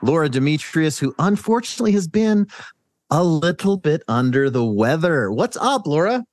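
A man's voice: on the high side, sing-song, normal speed, darkish tone, no echo, clean studio sound. A man co-hosting a podcast, upbeat and chatty, often restarting his sentences. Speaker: podcast co-host. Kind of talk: casual podcast chat.

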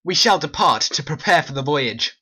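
A performer voicing a guilty, scheming usurper king in an amateur animated play, with a solemn reading. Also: mid-range voice, normal speed, slightly rough. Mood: commanding.

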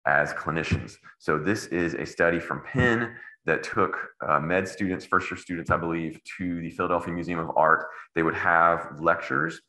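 A middle-aged man lectures on medicine, wandering into casual, wry asides. His voice sits extremely low yet cuts through bright and forceful. The echoey lecture room rings around him. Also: normal speed. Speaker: anesthesiologist giving grand rounds.

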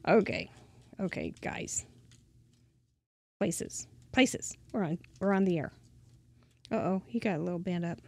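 A woman's voice: mid-range voice, creaky, a little mellow, dry recording. A woman hosting a craft channel, gushing and chatty as she shows off mail she was sent, often laughing. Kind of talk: casual show-and-tell of mail.

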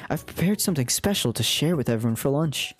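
A woman doing a breathy, folksy old colonel. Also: low voice, expressive, fast talker. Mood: proud. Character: folksy elderly male fried-chicken colonel, pompous.

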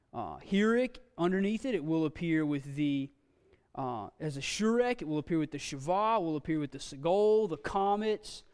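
A man teaching a Bible language class in a church classroom, folksy and halting, with frequent fillers and restarts. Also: a little high, smooth. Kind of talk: classroom lecture. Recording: long reverb from a hall.

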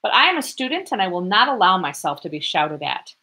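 A woman's voice: mid-range voice, expressive, a little slow, bright, forceful tone. A woman voicing a feverish young male student who talks back defiantly. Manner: defiant, raised voice.

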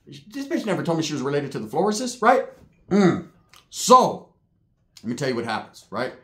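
A man telling a street story in slangy, casual talk, shouting high when he acts out other people. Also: normal speed. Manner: slangy, animated, voices others with loud high yells. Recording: echoey room.

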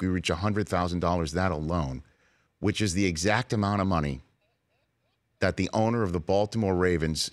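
A man in his forties with a low voice hosts a sports talk show in a radio studio, recorded dry. During casual studio chat he tells an earnest story that turns emotional at times.

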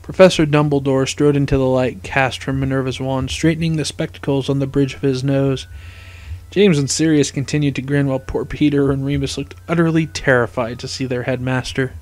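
A man reading a fan fiction story aloud in measured storytelling narration. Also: mid-range voice, steady tone, a little mellow. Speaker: story reader.

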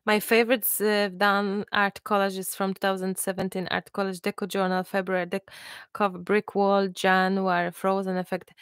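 A woman in her thirties hosting a live crafting class, chatting and telling stories in a lively way with many restarts. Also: mid-range voice, normal speed, clean tone, no echo, clean studio sound. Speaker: crafting channel host. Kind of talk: casual chat during a live crafting class.

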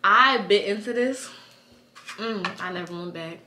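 A woman's voice: medium pitch, unhurried, noisy background. A 22-year-old woman chatting slangily and animatedly in a casual diary vlog. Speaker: vlogger.

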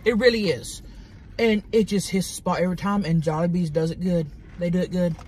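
A woman's voice: on the low side, fairly quick, a little mellow, slight background noise. A woman, chatting casually while eating on camera, drawling, affectionate and swearing freely. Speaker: mukbang host.

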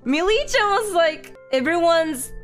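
Bubbly girl with a high voice, laughs a lot mid-sentence, light music behind. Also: sing-song, unhurried. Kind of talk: casual chat.

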